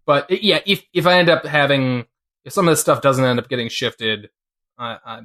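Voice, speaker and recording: A man's voice: mid-range voice, moderate pace, fairly bright tone. A man co-hosting a comics podcast in casual chat, rambling and hesitant with many fillers. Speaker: podcast co-host.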